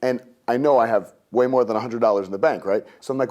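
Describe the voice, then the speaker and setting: A man in his thirties, a guest telling a story in an interview, lively and jokey, acting out his own past rants. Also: mid-range voice, fast, few pauses.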